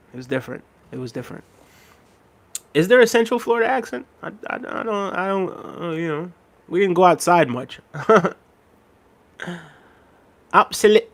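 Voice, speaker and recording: Chatty man livestreaming, a bit high. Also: a bit bright. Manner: rambling and chatty, laughs often, addresses viewers directly. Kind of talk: casual livestream chat, reading out chat.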